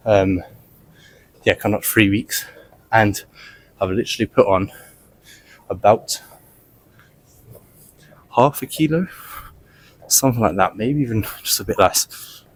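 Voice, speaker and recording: A man's voice: lowish voice, unhurried, long pauses, a little hiss or hum. A man talking casually to the camera while walking on a gym treadmill, a little out of breath, rambling with many fillers. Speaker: fitness vlogger.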